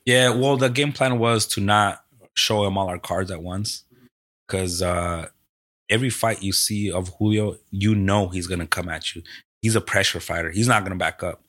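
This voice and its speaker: A man's voice: low-pitched, normal speed. A man who owns a Muay Thai gym and coaches fighters, chatting casually on a podcast, telling stories with swearing and acted-out quotes. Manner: animated storytelling, acts out quoted exchanges, swears freely.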